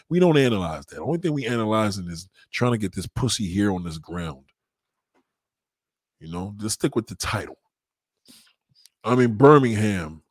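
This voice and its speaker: A man hosting a live stream, reading viewer comments aloud and mocking them with loud, heavy-swearing swagger. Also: on the low side, dry recording, clean studio sound. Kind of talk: profane live chat reading.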